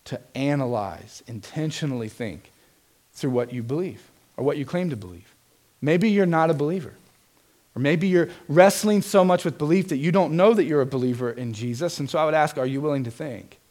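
A man's voice: a little high, a little fast, a little mellow. A man preaching a sermon as pastor, earnest and emphatic, putting direct questions to his congregation.

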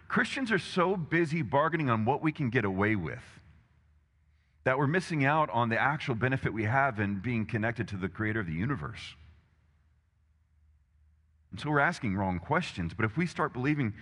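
A man's voice: medium pitch, big pitch swings, normal speed, a bit bright. A man preaching a sermon as pastor, emphatic and conversational, asking the congregation rhetorical questions. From Texas, USA. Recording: long hall reverb.

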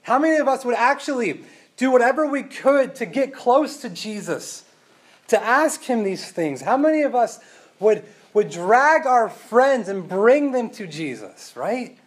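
Casual preacher with a high male voice, shifts from loud emphasis to quiet asides. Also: lively intonation, a little slow, husky. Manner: casual, rhetorical questions, tag "right?". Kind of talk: conversational sermon.

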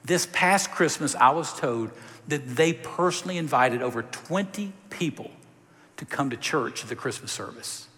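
A man preaching a sermon, telling a story with lively, direct appeals to the congregation. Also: fairly high pitch, normal speed. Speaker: pastor. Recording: reverberant hall.

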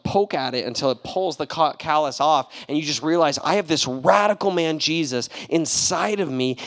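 Young male pastor, animated and slangy, acts out little scenes, voice a touch high. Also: creaky. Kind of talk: sermon.

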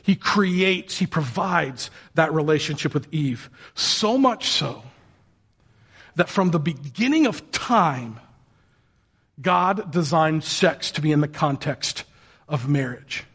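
A man preaching a sermon in a lively, joking way, with playful shouted and sung asides. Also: a little high, slow, breathy edge. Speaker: pastor.

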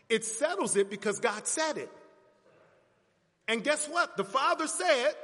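A man's voice: very high-pitched, lively intonation, takes it slowly, pauses often. A man preaching a sermon, emphatic and full of rhetorical questions, in a church. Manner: emphatic, rhetorical questions, rising to near shouts. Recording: long church reverb.

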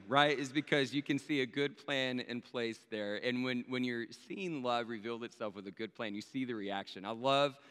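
Bright, clear-voiced male pastor preaching. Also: mid-range voice, moderate pace, few pauses. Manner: chatty, checks in with the audience using tag questions. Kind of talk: conversational sermon. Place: church sanctuary. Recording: long reverb of a large hall.

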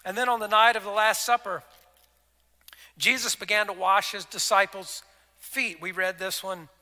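A male pastor preaching a conversational sermon with a high, very bright voice. He acts out the scripture dialogue and sometimes drops to soft, intimate tones. His voice rings with the long reverb of a large hall. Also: steady tone, moderate pace.

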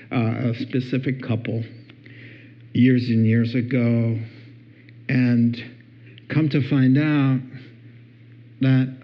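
A man preaching a sermon as a pastor, playful and deliberate, acting out what spouses say. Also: mid-range voice. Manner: playful, acts out spouses' words with laughter. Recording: dull lo-fi sound.

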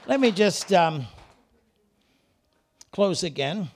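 A high-pitched male preacher delivers a fiery sermon in a church. He leaps from booming shouts down to hushed, wry remarks, and slips into voices for the people in his stories. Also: animated, normal speed. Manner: dramatic, swings between shouting and quiet asides; acts out characters in voices. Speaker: guest preacher. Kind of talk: Pentecostal-style sermon. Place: church service.

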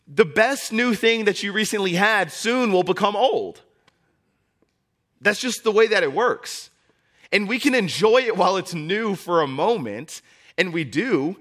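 A young male pastor preaches with a bright, forceful voice that sits a little high for a man. He hammers the same key phrases again and again and rises into impassioned preaching. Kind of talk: sermon.

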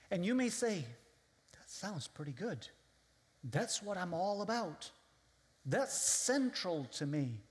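A man with a foreign accent preaching as a guest speaker, who acts out his listeners' voices and quotes scripture. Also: on the high side. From outside the US. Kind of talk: sermon. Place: large hall with a live audience. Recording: long hall reverb.

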